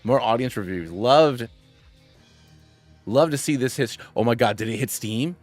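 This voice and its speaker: A man in his thirties streaming a game, chatting casually in a rambling, excitable way with many restarts and tangents. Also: medium pitch, a little slow, no echo, soft background music. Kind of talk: casual gaming stream chat.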